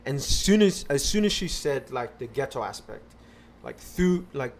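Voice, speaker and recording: A man's voice: medium pitch, very animated, measured pace. A man on a podcast casually telling a personal story, rambling with lots of fillers and restarts.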